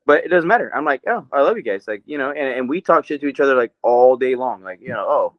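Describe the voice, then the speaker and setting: A man's voice: mid-range voice, fast, dry recording. A man co-hosting a podcast in casual chat, rambling and swearing freely, often breaking into laughter. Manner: profane, rambling, laughs a lot. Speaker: podcast co-host. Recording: dry, dull lo-fi sound.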